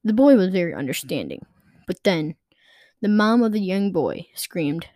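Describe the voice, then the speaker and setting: A woman hosting a podcast, reading a comedic story aloud in a slow, deliberate way. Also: medium pitch, lively intonation, a little mellow, dry recording, studio quality. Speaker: podcast host and story reader.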